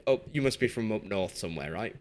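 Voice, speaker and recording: Talking fast in a fairly low, darkish, expressive voice, this young man from Yorkshire, England, keeps up casual commentary for his live stream. He plays a football management game, chatting with viewers and cracking self-deprecating jokes.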